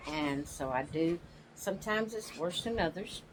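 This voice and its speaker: A woman hosting her own channel, chatting casually from her rocking chair at home in a slow, homey, rambling way and yawning now and then. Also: fairly low pitch, animated, a little hiss or hum, poor audio. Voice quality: slow, drawling, yawns often. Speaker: channel host. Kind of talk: casual chat.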